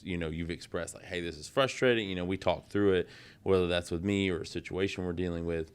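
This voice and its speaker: A podcast host talks in a deep, smooth voice. He chats in a loose, easy way, full of "like" and "you know.". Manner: conversational, many fillers such as "like" and "you know". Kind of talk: casual podcast conversation.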